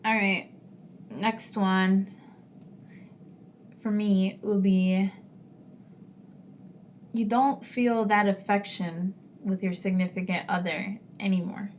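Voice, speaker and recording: Young woman, podcast co-host, mid-pitched voice, frank chatty talk, faint background hiss. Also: steady tone, slow, long pauses, lo-fi sound. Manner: frank, chatty, laughs often. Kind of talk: casual chat.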